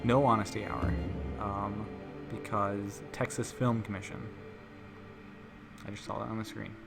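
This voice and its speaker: A man's voice: on the low side, flat delivery, a little slow, gravelly. A man hosting a live stream in casual chat, rambling and making self-mocking jokes. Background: music playing.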